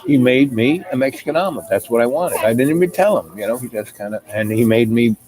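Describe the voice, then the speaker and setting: A man's voice: mid-range voice, lively intonation, fast, crowd noise, rough recording. A middle-aged man telling a long personal anecdote in a rambling, casual way, full of fillers and asides. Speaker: storyteller.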